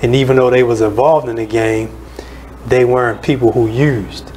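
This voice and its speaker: Brief: man radio host, mid-pitched, easygoing interviewer, faint noise. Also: poor audio. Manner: relaxed, conversational, quick to say "yeah" back. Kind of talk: casual radio chat.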